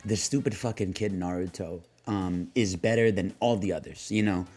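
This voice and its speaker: Deep and darkish, this young man's voice holds a fairly even intonation at a moderate pace while faint music plays. Streaming live, he reads prompts from chat, rambles in slang, laughs often, and voices the characters he quotes.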